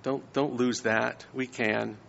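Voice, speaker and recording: A man's voice: medium pitch, fairly even intonation, slow pace, creaky, a bit bright, big-room sound, dull audio. A man giving a conversational sermon, often checking in with his listeners. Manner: conversational, frequent "right?" tags. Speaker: preacher.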